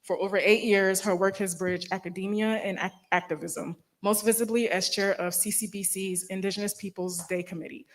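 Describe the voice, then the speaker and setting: A woman moderating a symposium, reading speaker introductions in a steady, measured way. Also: medium pitch, low-quality recording.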